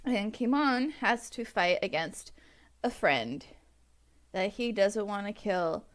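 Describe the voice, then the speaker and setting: A woman's voice: mid-range voice, lively intonation, slow pace. A woman co-hosting a casual podcast, giggling and rambling through a plot recap with many restarts on a home microphone. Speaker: podcast co-host. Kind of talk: casual book-club chat.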